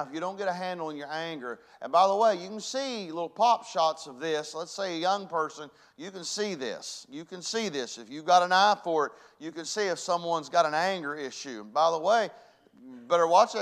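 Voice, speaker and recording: Folksy preacher with a high voice. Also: male voice. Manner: folksy preaching, big swings from soft to shouting. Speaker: pastor. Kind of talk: sermon.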